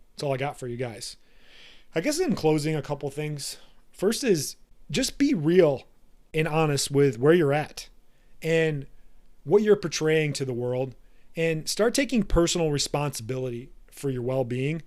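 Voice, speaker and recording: A man in his thirties hosting a podcast, giving a blunt, profane and forceful motivational monologue. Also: on the high side, lively intonation, normal speed. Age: 30s. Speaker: podcast host.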